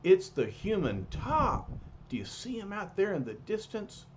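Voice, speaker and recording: A man voicing a gruff, impatient male giant hero in a comic-book story reading. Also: sits high, wildly swooping pitch, measured pace, muffled recording, slight background noise, voice pushed up, full character voice. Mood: brusque. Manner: brusque, commanding.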